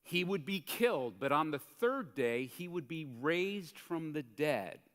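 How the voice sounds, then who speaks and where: Animated preaching man in a reverberant hall. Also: a little high, unhurried. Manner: animated, conversational preaching, acts out quotes. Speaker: pastor. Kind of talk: sermon. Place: church sanctuary.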